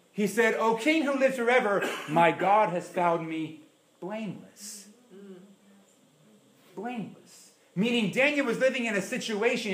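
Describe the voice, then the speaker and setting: Animated preacher man, high lively voice. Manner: animated preaching, acts out quoted prayers, swings from loud to hushed. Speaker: pastor. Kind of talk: sermon. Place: church.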